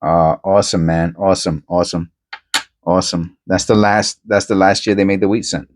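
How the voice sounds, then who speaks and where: A man hosting a casual coin-hunting vlog, rambling and excitable, often tacking "man" onto his sentences. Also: low-pitched, moderate pace.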